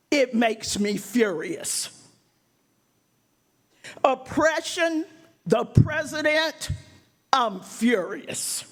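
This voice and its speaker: A woman performs a spoken word poem in a high, intense voice. She takes her lines slowly and rhythmically, and the delivery builds to raised, forceful moments. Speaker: poet.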